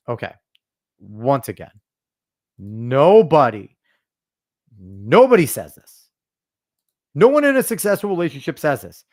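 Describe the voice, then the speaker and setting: A man hosting a podcast, ranting bluntly and with plenty of swearing, lecturing his listeners emphatically in casual commentary. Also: mid-range voice. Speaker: podcast host.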